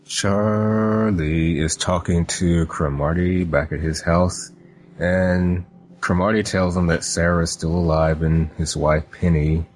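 A man's voice: low voice, fairly even intonation, slow, slight background noise. A man co-hosting a podcast, recapping episodes in casual chat and laughing often. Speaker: podcast co-host.

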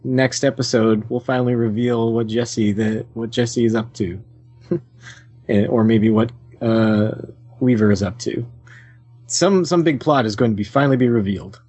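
A man's voice: mid-range voice, moderate pace, darkish tone, slightly rough, soft background music. A man co-hosting a podcast, chatting easily and musing about what comes next. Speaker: podcast co-host. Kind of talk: casual chat.

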